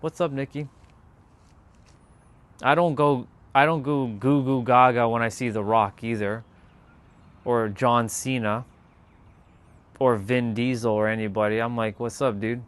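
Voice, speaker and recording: A relaxed man talking off the cuff to his live stream audience. His pitch sits at an ordinary middle level for a man, and he drifts loosely from thought to thought. He addresses viewers directly in an easygoing, unhurried way. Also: smooth. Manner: laid-back, rambling, talks straight to viewers. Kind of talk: casual live stream chat.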